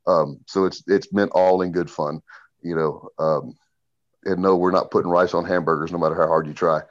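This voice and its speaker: A middle-aged man talking bluntly and profanely as a podcast guest, telling animated stories. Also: deep voice, normal speed, lo-fi sound. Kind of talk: casual podcast conversation.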